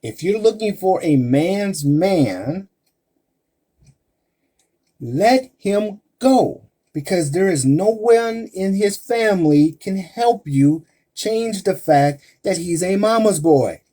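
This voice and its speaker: A relationship advice host runs a live-stream talk, speaking emphatically and directly to women listeners and posing rhetorical questions. His voice is high and dark-toned, expressive, and slow.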